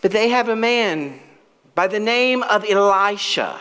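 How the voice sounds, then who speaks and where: A middle-aged male pastor delivering a sermon at a deliberate, unhurried pace. His voice sits a little high for a man and rises and falls widely as he tells the story. He preaches with dramatic storytelling, slowing down on key words. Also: expressive, smooth. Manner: dramatic storytelling, acts out quoted characters; slow, deliberate preaching with wide swings in pitch and loudness.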